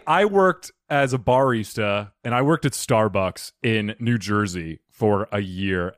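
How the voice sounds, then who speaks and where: Lively-voiced man hosting a podcast. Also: fairly low pitch, a little slow, few pauses, dry recording, studio quality. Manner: joking, self-mocking, profane. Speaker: podcast host. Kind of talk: casual comedy podcast chat.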